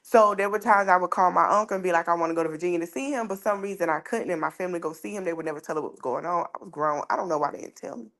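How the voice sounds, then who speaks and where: A woman's voice: very fast, hardly any pauses. Woman telling a story with speech. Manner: animated, rises high when excited. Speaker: podcast host. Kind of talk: casual storytelling.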